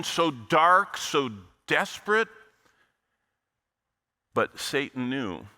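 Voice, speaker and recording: A man preaching a sermon, telling a story with emphatic, dramatic pauses and building lists. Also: mid-range voice, pushed and bright.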